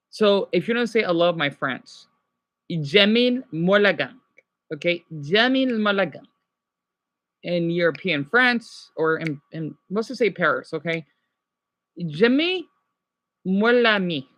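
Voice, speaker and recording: A man's voice: high-pitched, pushed and bright, dry recording. Rambling man chatting live with viewers. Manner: rambling, self-correcting, drops in French phrases. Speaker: livestreamer answering viewers. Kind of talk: casual live-stream chat.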